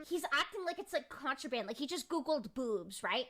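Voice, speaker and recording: A woman streamer telling jokey stories in an animated, dramatic way, heard in a clip. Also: high voice, fairly quick, hardly any pauses, slight background noise. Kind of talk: casual storytelling chat.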